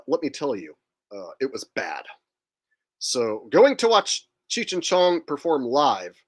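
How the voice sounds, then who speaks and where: A man's voice: medium pitch, fairly bright tone. A man hosting his own channel, telling a rambling, profane story in a casual, wry way. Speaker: channel host. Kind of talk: casual comedic monologue.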